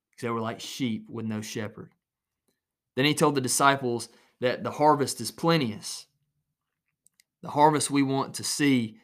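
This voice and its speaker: A man's voice: mid-range voice, fairly bright tone. A man preaching an earnest recorded sermon alone in his small office, repeating phrases for emphasis.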